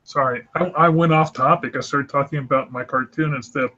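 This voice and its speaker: A man's voice: medium pitch, steady tone, brisk, bright, forceful tone. A man chatting casually and rambling a little while he draws, talking with fellow cartoonists on a group call. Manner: chatty, rambling, self-deprecating. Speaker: host of an online drawing group. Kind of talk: casual chat while drawing. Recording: lo-fi voice call audio.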